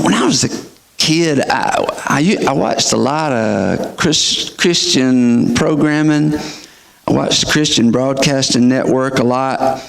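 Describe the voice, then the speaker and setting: A man's voice: mid-range voice, vocal fry. A middle-aged male pastor who preaches a sermon and asks his listeners emphatic questions. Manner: emphatic, rhetorical questioning of the audience.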